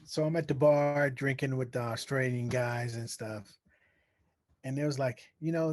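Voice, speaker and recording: A man telling an anecdote in casual chat, rambling and often pausing on fillers. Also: mid-range voice, steady tone, darkish tone. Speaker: guest.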